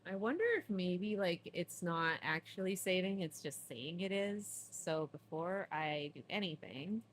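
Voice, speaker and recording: A Canadian woman streams a game from home, chatting casually and laughing a lot in a lowish, unhurried voice. Her throat is sore from smoke allergies, and there's a little background noise.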